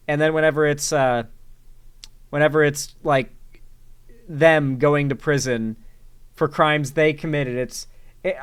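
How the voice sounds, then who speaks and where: A man's voice: a little high, normal speed, smooth. A man hosting casual reaction commentary in a sarcastic, rambling way. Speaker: commentary host.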